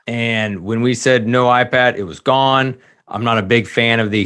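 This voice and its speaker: A man's voice: mid-range voice, fairly even intonation, moderate pace, fairly bright tone, clean tone. Reflective podcast host, a man. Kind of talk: casual podcast conversation.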